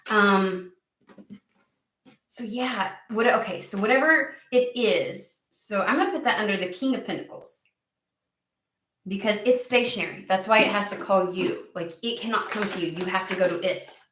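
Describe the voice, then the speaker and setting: A woman giving a casual tarot reading, excitable and profane, who argues back at the cards she draws. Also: medium pitch, normal speed, echoey room, recorded from a distance. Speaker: tarot reader.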